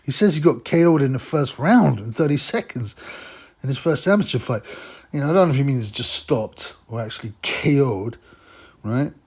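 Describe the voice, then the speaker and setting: A man's voice: medium pitch, expressive, moderate pace, darkish tone, breathy edge. A man giving rambling, blunt, mocking casual commentary as a boxing vlogger.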